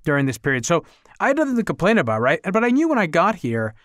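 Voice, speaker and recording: A man hosts a podcast from a makeshift home studio in his basement. His voice is fairly high for a man and smooth, and he talks in a candid, emphatic way. The sound is dry and close. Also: huge pitch swings, quick pace, a bit bright, no room sound. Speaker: podcast host. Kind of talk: casual conversation.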